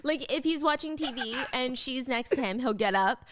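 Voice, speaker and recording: A woman's voice: sits high, normal speed, dry recording, clean studio sound. A young woman casually retelling a viral relationship story to friends, acting out the quoted lines in different voices. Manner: animated, acts out quoted lines in shifting voices. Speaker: storyteller host.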